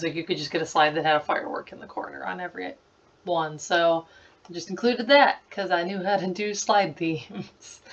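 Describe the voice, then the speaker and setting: A woman's voice: lowish voice, recorded from a distance. A woman around thirty giving chatty, giggly commentary over a screen recording of her old slideshows, full of "like" fillers. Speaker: creator revisiting her childhood slideshows. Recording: slightly muffled lo-fi recording.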